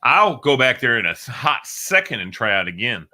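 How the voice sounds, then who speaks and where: A middle-aged man co-hosting a casual talk show, telling stories with lively acted-out grunts. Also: mid-range voice, normal speed. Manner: animated storyteller, acts out grunts. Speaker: co-host. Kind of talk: casual chat.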